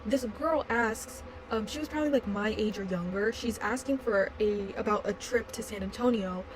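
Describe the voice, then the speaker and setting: A woman's voice: mid-range voice, darkish tone, a little hiss or hum, low-quality recording. A young adult woman vlogger telling a story in a rambling, casual way, full of fillers like "like" and blunt swearing.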